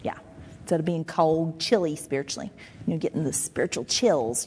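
A woman pastor preaching a sermon in a conversational, animated way. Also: low-pitched, normal speed, breathy edge. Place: church sanctuary. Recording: long hall reverb.

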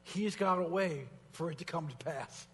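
A man's voice: a little high, moderate pace, a bit bright, breathy edge, long reverb tail. A man preaching a sermon as pastor, building fervor through repeated phrases and mixing in casual asides. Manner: preaching with rising fervor, repetition.

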